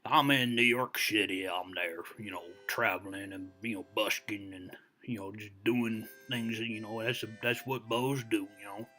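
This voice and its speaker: A man's voice: fairly low pitch, steady tone, moderate pace, bright, forceful tone, faint music behind. A man playing a very old, boastful American storyteller who rambles and digresses in a folksy way, full of "you know" fillers. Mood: rambling. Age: over 60. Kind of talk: comedic character monologue.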